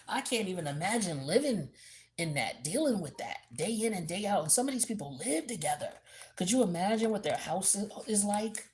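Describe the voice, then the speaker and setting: A woman giving a blunt, animated tarot reading in a casual, profane, slangy way. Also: lowish voice, normal speed, slight background noise. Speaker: tarot reader.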